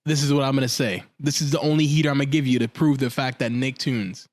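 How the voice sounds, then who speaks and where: A man's voice: mid-range voice, steady tone, fast, dry recording, studio quality. A man co-hosting a casual podcast, emphatic and swearing freely. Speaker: podcast co-host. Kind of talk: casual chat.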